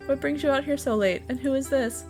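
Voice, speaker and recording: A woman's voice: sits high, a little fast, darkish tone, soft background music, pitched above the performer's own voice, lightly acted. A woman voicing a gracious older woman who keeps a cozy herb-filled home, speaking with sweet, old-fashioned politeness. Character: gracious older woman, a small-town herbalist hostess.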